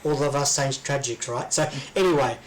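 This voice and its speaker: A man's voice: medium pitch, normal speed, crowd noise, poor audio. An Australian man co-hosting a casual chat, rambling with lots of ums and restarts. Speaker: podcast co-host.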